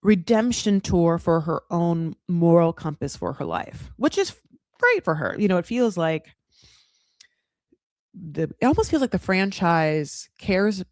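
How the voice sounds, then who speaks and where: A woman hosting a casual reality TV recap, talking in sassy, animated bursts and swearing freely. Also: lowish voice, measured pace, no room sound, clean studio sound.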